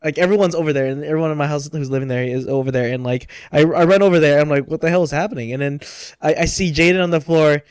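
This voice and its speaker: A young man co-hosting a casual podcast, telling a story in a relaxed, halting way with lots of fillers. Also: a little high, smooth, no room sound, clean studio sound. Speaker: podcast co-host.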